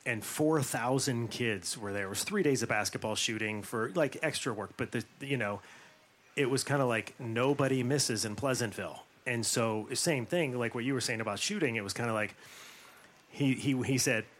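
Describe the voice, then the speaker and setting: A man's voice: medium pitch, moderate pace. A middle-aged man, an actor and former basketball player, telling stories in a podcast interview with lots of fillers and restarts, acting out the quotes. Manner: animated, acts out quotes, many fillers and restarts.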